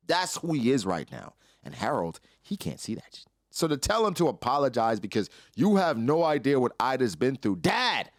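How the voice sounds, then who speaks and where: A man's voice: on the low side, no echo, studio quality. A young man hosting casual commentary, breaking down a comic chapter and acting out character lines in his own voice. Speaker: anime reaction host.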